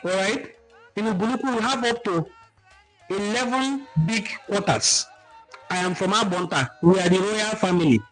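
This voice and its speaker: A Nigerian man hosting a cultural livestream, teaching in an animated, emphatic way and reading out viewer comments. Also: high voice, normal speed, faint music behind, low-quality recording. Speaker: cultural talk host.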